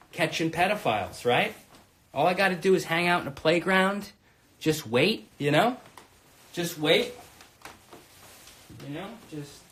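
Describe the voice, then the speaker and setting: A man's voice: on the high side, a bit bright. A man in his thirties hosting a live-streamed stand-up set from home, with a rambling, profane, self-mocking manner. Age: 30s. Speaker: stand-up comedian and host. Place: home in Brooklyn.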